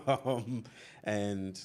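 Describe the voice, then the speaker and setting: A man's voice: lowish voice, fairly even intonation, very slow, darkish tone. A man hosting an interview, thoughtful and affirming, with plenty of fillers as he asks questions. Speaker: host. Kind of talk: conversational interview.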